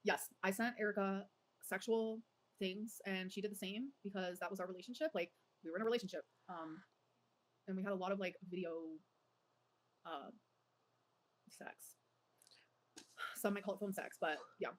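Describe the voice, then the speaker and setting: A woman's voice: medium pitch, fairly even intonation, normal speed, pauses often. A woman chatting casually on a livestream, rambling and filling her speech with "like". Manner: rambling, heavy use of "like".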